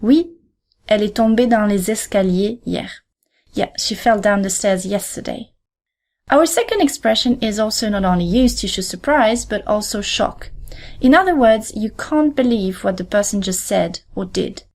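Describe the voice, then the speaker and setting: Clear, deliberate woman teaching. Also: mid-range voice, animated. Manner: clear, deliberate, repeats example phrases slowly. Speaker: podcast host and French teacher. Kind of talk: scripted language lesson.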